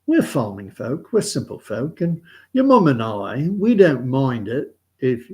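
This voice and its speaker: A man's voice: medium pitch, big pitch swings, unhurried, mellow. Man doing a fatherly Northern English farmer. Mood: coaxing. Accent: put-on Northern English. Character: plain-spoken old male farmer, fatherly.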